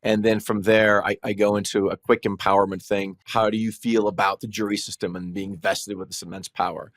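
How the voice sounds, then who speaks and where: A man speaking as a trial lawyer guest in a podcast conversation, telling stories in an animated way. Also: fairly low pitch, a little fast, no echo, studio quality. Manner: animated storytelling, acting out quotes.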